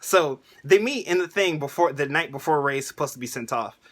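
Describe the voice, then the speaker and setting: A man vlogging a casual, excitable anime review rant, laughing often and using slang. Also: fairly high pitch, a little fast.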